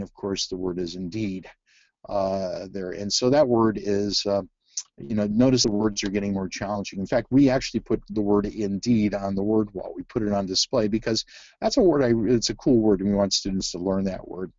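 A man's voice: fairly low pitch, a little mellow, no echo, muffled recording. A man teaching a phonics webinar, talking through word activities with many fillers and restarts. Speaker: reading teacher presenting a webinar. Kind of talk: webinar presentation.

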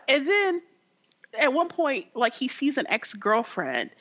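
A woman's voice: high-pitched, big pitch swings, unhurried, bright, forceful tone, dull audio. A woman co-hosting a podcast in casual chat, telling a story animatedly with lots of fillers and acting out the characters. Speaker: podcast co-host.

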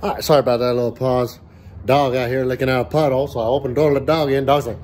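A man's voice: medium pitch, steady tone, quick pace, a little mellow, slight background noise. A young man ranting profanely and rambling outdoors by a grill in a vlog. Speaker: vlogger.

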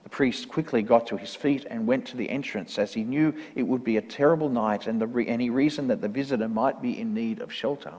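Man, church reader, measured and earnest storytelling, mid-pitched voice, long hall reverb. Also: darkish tone. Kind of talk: reading a parable aloud.

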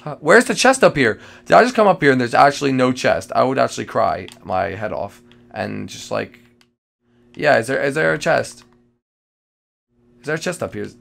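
Man, live gaming commentary, jittery, excitable, repeats himself, heavy vocal fry. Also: medium pitch, normal speed. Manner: jittery and excitable, repeating phrases, with sudden loud outbursts. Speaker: gamer playing a multiplayer survival match.

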